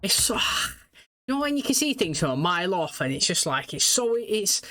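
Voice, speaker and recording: A man's voice: high voice, big pitch swings, brisk, pushed and bright, a little hiss or hum. Chatty guy reacting to TV. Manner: rambling, chatty, repeats "you know what I mean". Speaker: reaction video host. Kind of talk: casual commentary.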